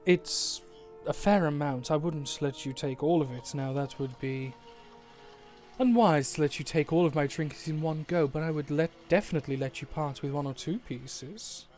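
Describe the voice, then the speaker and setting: A man's voice: a little high, moderate pace, darkish tone, soft background music, lightly acted. A man playing a smug wealthy townsman. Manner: smirking, condescending, calls others dear.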